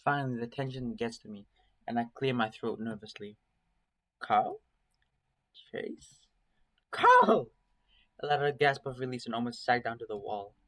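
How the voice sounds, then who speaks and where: A man reading a visual novel aloud in first-person narration, steady and measured. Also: medium pitch, no echo. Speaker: story reader.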